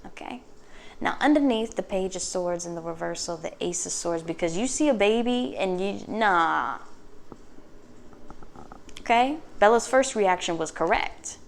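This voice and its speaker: A woman giving a casual tarot reading, chatty and sassy, swearing freely and tossing off quick acted asides. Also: medium pitch, vocal fry, a little hiss or hum. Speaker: tarot reader.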